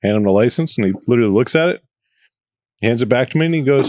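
A man's voice: mid-range voice, animated, quick pace, a little mellow, a little hiss or hum. A man telling a story in casual podcast chat, swearing freely and acting out the voices in it. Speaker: podcast co-host.

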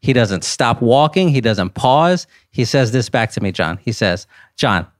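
Animated man telling a wild story. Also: medium pitch, a little slow, no room sound, clean studio sound. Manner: animated storyteller, rises into disbelief. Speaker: podcast guest. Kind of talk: casual storytelling.

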